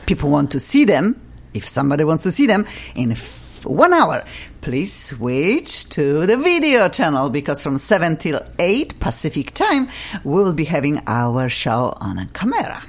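Gushing low-voiced woman talk show host. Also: moderate pace, slightly rough. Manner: gushing, excitable, flowery compliments. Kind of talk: effusive interview chat. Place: studio.

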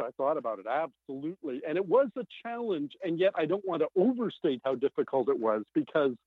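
Novelist guest, male, lively and emphatic, dry tinny phone-line sound. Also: a little high, husky, no echo. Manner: animated, emphatic, with many fillers. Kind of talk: podcast interview.

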